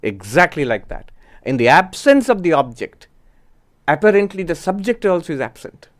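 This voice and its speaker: A man giving a spiritual discourse as a Vedanta teacher, measured and explanatory, often posing rhetorical questions. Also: on the high side, very animated.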